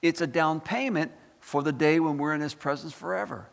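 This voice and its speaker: A man's voice: a little high, fairly quick, gravelly, few pauses. Fervent male preacher in a reverberant hall. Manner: dramatic, swings from loud exclaiming to hushed asides; asks the congregation questions. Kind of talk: sermon.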